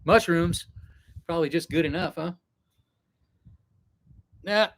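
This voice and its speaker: A man's voice: a little high, slow, a little hiss or hum. A man in the middle of a live stream, rambling to his viewers in a loose, meandering way. He drifts from one thought to the next and addresses the chat directly while getting packed. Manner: meandering, reflective, talks straight to chat. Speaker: travel vlogger on a live stream. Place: indoors, packing for a trip.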